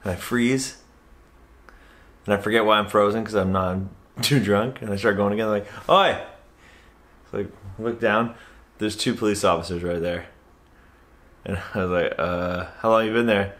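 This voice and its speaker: Playful comedian telling a tale to camera; animated and over the top. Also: male voice, on the low side, normal speed, long pauses. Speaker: comedian and magician. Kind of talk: comic storytelling vlog.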